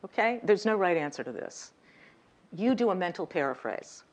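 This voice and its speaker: A woman's voice: fairly low pitch, expressive, moderate pace. A woman leading a communication workshop, talking directly to her audience and stressing words to demonstrate her points. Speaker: communication coach. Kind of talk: workshop lecture. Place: lecture room.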